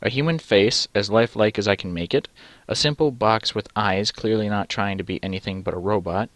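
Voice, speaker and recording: A man's voice: on the low side, brisk, a bit bright, dry recording. A man reading a text adventure game aloud and adding dry, sarcastic asides. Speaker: let's play gamer.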